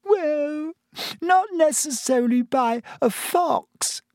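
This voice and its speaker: A reader voicing a dramatic, tearful teenage schoolgirl in an audiobook, in a high, wailing voice that breaks into sobs. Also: a little mellow, no room sound, clean studio sound. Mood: tragic sobbing. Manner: high, wailing, drawn-out sobbing delivery. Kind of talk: audiobook character voice.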